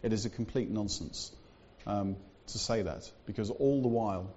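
A man preaching in a church with a mellow, dark voice, easygoing and conversational, full of little asides. The sound is a bit dull and lo-fi. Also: fairly low pitch, moderate pace, slight background noise. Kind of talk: sermon.

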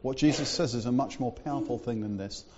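A man's voice: mid-range voice, brisk, dull audio, noisy background. A man preaching a sermon in a church, talking in a conversational way with fillers and asides.

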